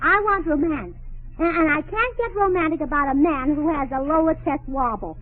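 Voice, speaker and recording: A woman's voice: high-pitched, moderate pace, lightly acted. A woman playing a cheerful, scatterbrained young wife in a 1940s radio comedy, chirpy and bubbly. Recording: tinny old radio broadcast.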